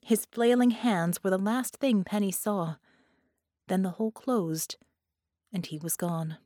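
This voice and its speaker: A woman narrating an audiobook in measured, dramatic storytelling. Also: mid-range voice, warm tone, no room sound, studio quality.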